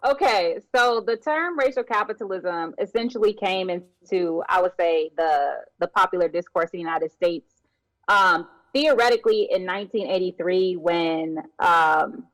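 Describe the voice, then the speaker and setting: A woman guest on a podcast interview, explaining academic ideas in a measured, articulate way. Her voice sits low for a woman. The recording is dry, with no room echo. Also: fairly bright tone.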